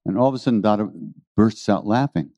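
A man telling rambling, animated stories to an audience as a spiritual teacher, often laughing. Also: lowish voice, fast talker, no echo. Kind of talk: storytelling talk to an audience.

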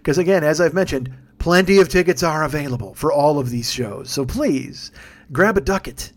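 A man's voice: a little high, animated, moderate pace. A man hosting his podcast late at night, a tired, yawning stand-up comedian rambling through show plugs with lots of swearing and self-mocking jokes. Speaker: podcast host.

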